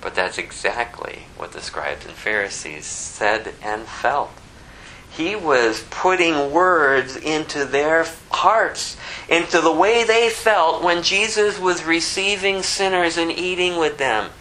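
A man preaching a sermon with a bright, forceful voice. He tells the story in a folksy, animated way, leaning on its drama and asides. A faint noise sits under his voice. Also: on the high side, slow, rough recording.

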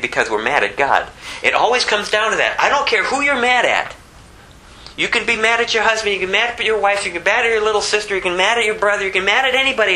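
Bright-voiced emphatic American preacher. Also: medium pitch, slight background noise, low-quality recording. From United States. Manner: emphatic, full of rhetorical questions. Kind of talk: sermon.

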